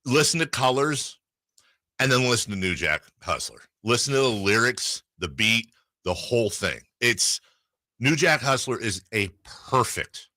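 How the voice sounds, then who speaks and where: A man hosting a sports radio show, telling animated stories in casual banter. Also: mid-range voice, no echo. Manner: animated storyteller, excitable, quick asides. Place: radio studio.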